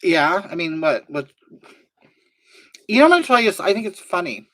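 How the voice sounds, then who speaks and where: With a sing-song lilt, a mid-range voice and a fairly bright tone, a performer portrays a brash, gossipy woman livestreamer at a moderate pace. She rambles through a live comedy stream, reading chat aloud and getting indignant.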